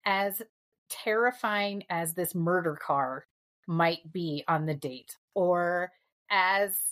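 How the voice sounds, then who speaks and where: A woman's voice: lowish voice, slow, fairly bright tone. A woman hosting a casual chat, wry and encouraging. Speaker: podcast host.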